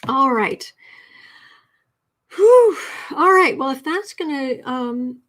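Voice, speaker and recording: A woman's voice: high voice, measured pace. Chatty woman hosting a writing livestream. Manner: chatty, reads chat messages aloud, thinks out loud. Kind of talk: casual livestream writing lesson.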